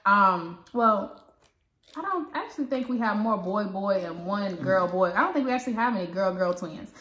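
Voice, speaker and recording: Bright-voiced woman telling a story. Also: mid-range voice, normal speed. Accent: Southern American. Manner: chatty, animated retelling with quoted dialogue. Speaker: parenting vlogger. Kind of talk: casual storytelling. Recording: echoey room.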